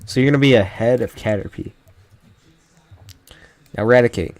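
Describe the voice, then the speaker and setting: A man's voice: mid-range voice, normal speed, long pauses, a little mellow, dry recording. A man giving casual, jokey commentary while ranking game characters, often trailing off mid-sentence. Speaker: YouTuber ranking Pokémon.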